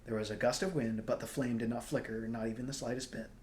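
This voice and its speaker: A man reads a fantasy novel aloud in a mid-pitched, even voice. He moves at an unhurried pace, clearing his throat now and then and fixing small slips as he goes. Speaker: storybook reader.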